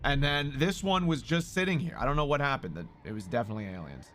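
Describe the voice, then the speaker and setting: A man live-streaming who talks loudly and excitably, swearing and greeting viewers in chat. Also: medium pitch, quick pace, a little hiss or hum.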